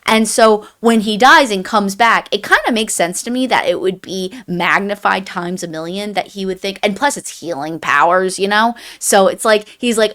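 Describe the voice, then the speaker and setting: A woman's voice: medium pitch, normal speed, few pauses, a bit bright. A woman co-hosting a casual book podcast, chatty and opinionated, with many "like"s. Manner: chatty, opinionated, uses lots of "like". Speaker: podcast co-host.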